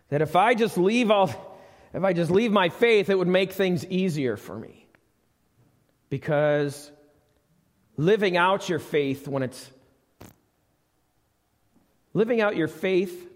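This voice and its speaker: A middle-aged man preaching a conversational sermon in church, asking the congregation questions. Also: on the high side. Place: church sanctuary. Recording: live church recording with long reverb.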